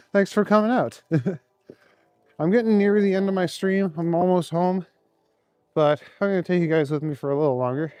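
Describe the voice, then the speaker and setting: A man's voice: fairly high pitch, warm tone, dry recording. A man streaming live while walking city streets at night, chatting with viewers and laughing often. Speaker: livestreamer. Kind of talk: casual livestream chat, answering viewers.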